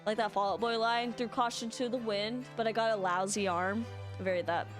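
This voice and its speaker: A woman's voice: medium pitch, steady tone, normal speed. A young woman gushing and giggling as she comments on her game during a casual live stream. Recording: music playing loudly under the voice. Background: game music.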